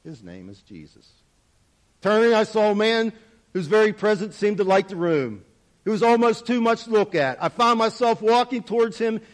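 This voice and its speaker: A man with a fairly high voice tells a first-person parable earnestly. His delivery is dramatic, swelling and dropping in loudness as he speaks. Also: moderate pace. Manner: earnest, dramatic storytelling with wide swings in volume. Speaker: storyteller.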